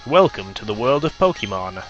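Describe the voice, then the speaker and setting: A man's voice: big pitch swings, a little fast, a bit bright, lo-fi sound, faint music behind. A man putting on a hearty Australian professor. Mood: hearty welcoming. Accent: put-on Australian. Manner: hearty, booming, theatrical. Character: cheery male Pokemon professor, middle-aged, enthusiastic.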